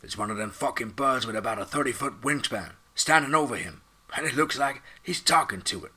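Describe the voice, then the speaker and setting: A man voicing an excited male drone operator reporting over the radio, loud and swearing. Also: mid-range voice, normal speed, breathy edge, pitched above the performer's own voice. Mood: stunned.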